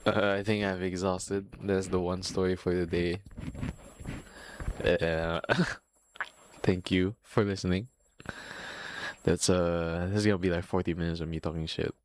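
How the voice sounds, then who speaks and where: A man's voice: low-pitched, level tone, unhurried, long pauses, slight background noise. A young man hosting a podcast, telling a rambling, profane school story in a casual monologue and laughing often. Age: young adult. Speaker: podcast host.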